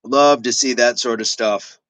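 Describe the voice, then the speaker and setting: A man's voice: medium pitch, steady tone, unhurried, fairly bright tone, dry recording. A middle-aged man hosting a fitness livestream, chatting casually with viewers and repeating affirmations as he reads their comments.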